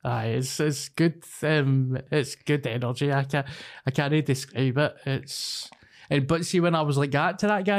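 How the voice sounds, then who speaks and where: A man's voice: a little high, moderate pace. A man with a Scottish accent chatting casually on a podcast, telling stories with lots of swearing and laughs. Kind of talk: casual chat.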